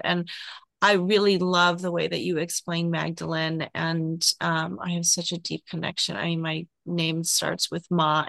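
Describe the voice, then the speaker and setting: A woman's voice: lowish voice, gravelly, fairly bright tone, dry recording. A woman hosting a spiritual podcast, talking in a gushing, emotional way as she thanks her guest. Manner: emotional, gushing, tearful at times. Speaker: podcast host. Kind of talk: casual spiritual interview chat.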